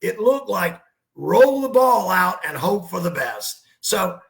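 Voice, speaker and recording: A man's voice: high-pitched, slow, gravelly, roomy sound. A man, a basketball coach, telling stories and giving emphatic sports analysis on a talk show. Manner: animated storyteller, emphatic.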